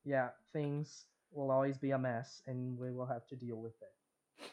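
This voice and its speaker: A man co-hosting a podcast who retells events in slow, drawn-out phrases. His tone is casual and chatty. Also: medium pitch, level tone, a little mellow. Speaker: podcast co-host. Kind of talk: casual chat.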